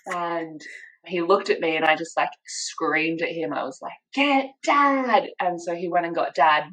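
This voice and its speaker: A young woman with an Australian accent, casually telling a story as a podcast guest, animated and full of quoted voices and laughter. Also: sits low, moderate pace, poor audio.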